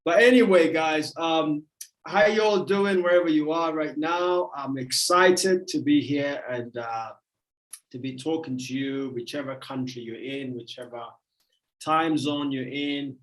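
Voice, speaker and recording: A man's voice: on the high side, fairly even intonation, unhurried, rough recording. Chatty man hosting an online session. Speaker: host of an online program. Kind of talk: casual live address.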